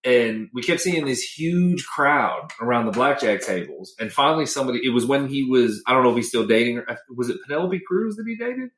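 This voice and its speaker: A man's voice: medium pitch, lively intonation, fairly quick, few pauses, a bit bright. Man, casual podcast chat, rambling storyteller, roomy echo. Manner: rambling storyteller, restarts and self-corrections. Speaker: podcast co-host. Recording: echoey room.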